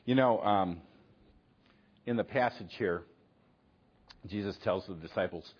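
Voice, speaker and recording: A man's voice: low voice, a little slow, pauses often, slightly rough, highs cut off. A middle-aged male pastor preaching in a conversational way, acting out quoted exchanges and checking in with "okay?". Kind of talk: sermon.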